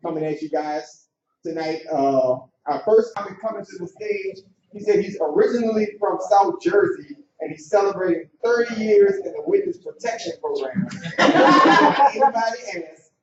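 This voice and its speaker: A high-voiced man emceeing an open mic and pumping up the crowd between jokes. He is heard from across an echoey comedy club. The sound is dull and lo-fi. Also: expressive, normal speed, distant mic, background noise. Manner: hypes the crowd, sings a few lines. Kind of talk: stand-up emcee banter.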